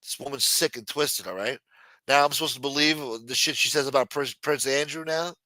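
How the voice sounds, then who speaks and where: A man's voice: medium pitch, fairly quick, sharp tone, no room sound, low-quality recording. A man hosting a late-night livestream who rants casually and reads news aloud in a profane, blunt and mocking manner. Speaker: livestream host. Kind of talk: casual ranting commentary.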